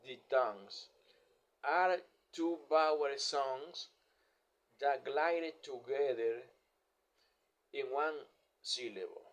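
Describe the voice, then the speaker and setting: A man slowly reading out an English pronunciation lesson, one word or phrase at a time. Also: mid-range voice. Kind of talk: slow scripted lesson narration.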